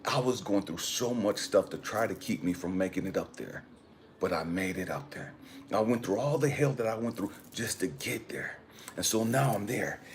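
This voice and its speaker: Brief: male spiritual coach, lowish voice, earnest and emphatic storytelling, repeats himself for weight. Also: a little hiss or hum. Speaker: spiritual coach and channel host.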